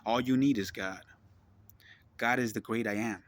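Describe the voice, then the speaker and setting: A vlogger with a mid-range, fairly even voice talks at a moderate pace over a little hiss or hum. His impassioned religious monologue is blunt, profane and preachy, aimed straight at the audience, repeating points and asking whether the listener agrees.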